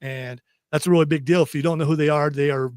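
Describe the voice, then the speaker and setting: A man's voice: on the high side, steady tone, quick pace, clear, resonant tone, dry recording. A man hosting a radio talk show, rambling and chatty with lots of restarts, speaking into a studio microphone.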